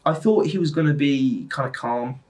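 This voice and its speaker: A man's voice: medium pitch, moderate pace, darkish tone. A young man chatting casually to a camera on a tripod, rambling and laughing often. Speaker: vlogger.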